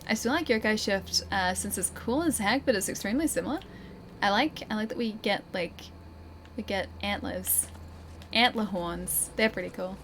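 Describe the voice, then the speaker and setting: A young Australian woman giving casual gameplay commentary as a streamer, chatty, self-deprecating and quick to laugh. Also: mid-range voice, fairly bright tone, slight background noise.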